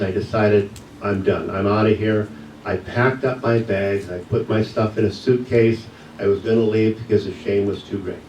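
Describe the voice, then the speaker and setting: A man with a fairly low voice tells a personal story from the pulpit, earnest and reflective. He sounds set back from the mic, with the sound ringing around a large church room. A faint hiss sits under his voice. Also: a little mellow, reverberant, recorded from a distance, poor audio. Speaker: guest speaker at a church service. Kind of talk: personal testimony talk. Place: church sanctuary.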